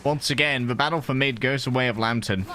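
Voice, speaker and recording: A man casting an esports match with quick, playful play-by-play commentary. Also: medium pitch, pushed and bright, slight background noise. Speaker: esports caster.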